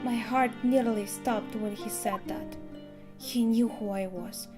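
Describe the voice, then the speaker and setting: A woman's voice: on the high side, fairly even intonation, slow. A woman reading aloud the lines of a frightened young runaway ballerina, a little hesitant, with game music behind. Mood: fearful.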